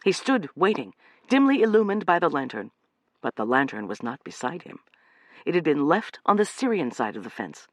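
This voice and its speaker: A man narrating a suspenseful novel as an audiobook, in an expressive, dramatic reading. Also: a little high, moderate pace, no echo.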